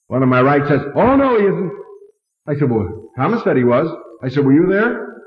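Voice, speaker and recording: A man's voice: lively intonation, normal speed. A man preaching a sermon, telling a story and acting out the dialogue with big swings in his voice. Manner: dramatic, acts out dialogue with big pitch swings. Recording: roomy lo-fi hall recording.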